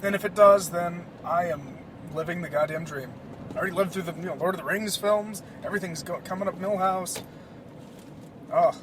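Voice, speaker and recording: A man hosting a casual solo podcast, rambling in an excitable, profane way. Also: sits high, normal speed, noisy background. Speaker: podcast host.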